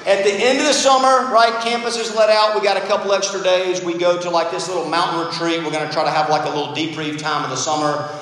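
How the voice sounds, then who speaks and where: A middle-aged American man preaching a sermon, telling stories in an animated, self-deprecating way. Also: high-pitched, quick pace, hardly any pauses. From United States. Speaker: pastor. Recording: very echoey hall, faint room noise.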